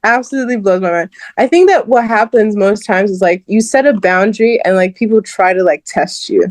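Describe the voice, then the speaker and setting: Animated young woman, dry close sound. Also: medium pitch, brisk, no echo. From Southern California. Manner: animated, laughs often, heavy use of "like". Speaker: guest host. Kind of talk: casual podcast chat.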